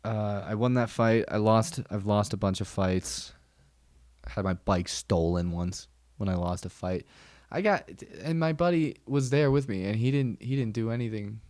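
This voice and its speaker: A man's voice: lowish voice, moderate pace, darkish tone, dry recording. Rambling, joking man podcast host. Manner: rambling, self-deprecating jokes, many ums and restarts. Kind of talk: casual solo podcast monologue.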